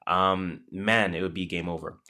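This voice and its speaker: A man's voice: low-pitched, steady tone, moderate pace, sharp tone. A man with a Toronto accent co-hosting a podcast in laid-back casual chat, swearing freely and leaning on fillers. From Canada. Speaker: podcast co-host.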